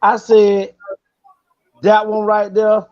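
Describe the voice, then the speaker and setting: Host, male, high voice, animated storyteller, slightly muffled audio. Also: slow. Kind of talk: casual storytelling chat. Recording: slightly dull lo-fi sound.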